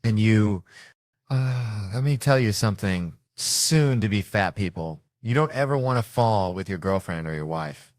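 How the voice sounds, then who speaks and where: A man tells stories in a stand-up comedy routine, jumping into the voices of his family as he goes. His voice sits a little low. The sound is dry and close, with no room echo. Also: a little slow. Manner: animated storytelling, acting out family members.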